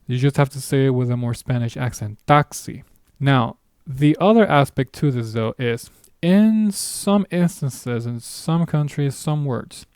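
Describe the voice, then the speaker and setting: A man's voice: mid-range voice, dark tone, dry recording, studio quality. A man teaching a beginner language lesson, explaining patiently in a casual way with small asides. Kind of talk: recorded online lesson.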